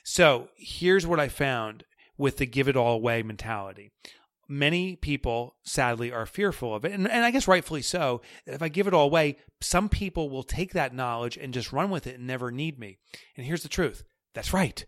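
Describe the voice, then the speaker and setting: A man being interviewed as a guest author, talking in an energetic, emphatic and jokey way. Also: medium pitch, moderate pace, no echo, clean studio sound. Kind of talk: podcast interview.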